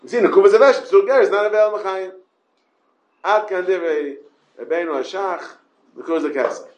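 Male Talmud teacher, high-pitched, stop-start delivery full of rhetorical questions, roomy echo. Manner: halting, repeats words and restarts often; asks rhetorical questions and checks with the listeners. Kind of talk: Talmud class lecture.

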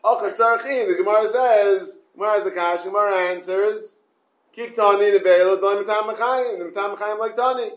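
A man's voice: sits high, fairly even intonation, a bit bright, roomy sound. A man giving a Talmud class. He stumbles over his words and often asks the listeners questions. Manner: halting, repeats words and restarts often. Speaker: Talmud teacher.

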